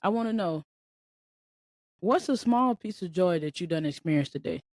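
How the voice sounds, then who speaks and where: A woman hosting a podcast in a casual, slangy monologue, talking in an animated way and laughing often. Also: fairly low pitch, moderate pace, no room sound. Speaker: podcast host.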